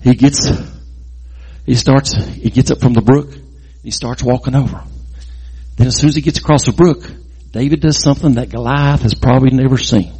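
Husky man retelling a Bible story. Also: medium pitch, normal speed. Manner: animated, folksy, with sound effects.

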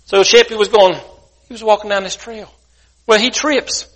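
A guest preacher tells a sermon story in a folksy, colloquial style. His voice is a little high and comes across bright and forceful. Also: steady tone, moderate pace.

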